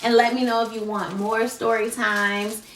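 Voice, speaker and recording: A woman's voice: a little high, level tone, moderate pace, a bit bright, far from the mic. A woman telling a storytime on her vlog, speaking casually and animatedly straight to her viewers. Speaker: vlogger. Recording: roomy, off-mic, faint noise.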